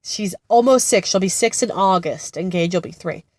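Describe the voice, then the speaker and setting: A congested, sick-sounding woman in her thirties chats in a rambling, laughing way, voice pitched on the low side. The sound is dry and close, with no room around it. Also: normal speed, darkish tone, no room sound. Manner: rambling, laughing, many fillers. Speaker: vlogger, mother of two. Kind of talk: casual chat. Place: sitting in a car-like space outside a therapy center.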